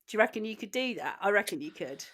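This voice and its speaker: A woman co-hosting a casual comedy podcast, playful and quick to laugh. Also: medium pitch, expressive, a bit bright. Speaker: podcast co-host.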